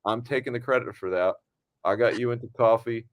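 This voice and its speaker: Male podcast host, casual chat, lively storyteller who voices his quotes; even, middle pitch. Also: brisk, lo-fi sound. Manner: animated storyteller, acts out quotes. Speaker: podcast host and film director.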